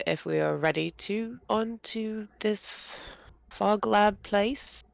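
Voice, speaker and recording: A woman's voice: medium pitch, slow pace, gravelly, no room sound. A woman playing a tabletop game in character, asking hesitant questions. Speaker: player.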